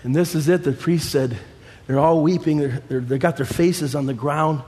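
A man preaching a sermon, swinging between quiet low passages and fervent shouting. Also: moderate pace. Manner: shouting, rising fervor with quiet low stretches. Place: church sanctuary. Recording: long hall reverb, faint congregation.

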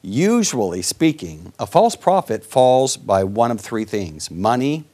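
A man's voice: medium pitch, sing-song, measured pace, dark tone. A man teaching from the Bible in conversation with a co-host, often asking him rhetorical questions. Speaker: preacher co-hosting a Bible discussion.

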